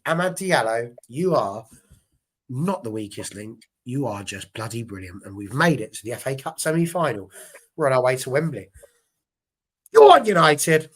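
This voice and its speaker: Chatty, excitable man hosting. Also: medium pitch, husky. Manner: chatty, excitable, rambling with restarts. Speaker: host. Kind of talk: casual chat.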